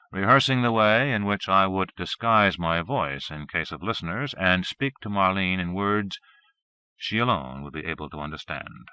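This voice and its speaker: A man with a very low, bright and forceful voice reads a first-person novel in a steady, measured way. The recording is dry and close, with the dull, muffled sound of an old cassette tape. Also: smooth, dry recording. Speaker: audiobook narrator.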